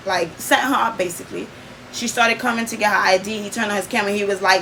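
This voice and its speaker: A woman's voice: mid-range voice, normal speed, fairly bright tone, slight background noise, low-quality recording. A young adult woman vlogging, telling a personal story in an earnest, emphatic way, with lots of fillers.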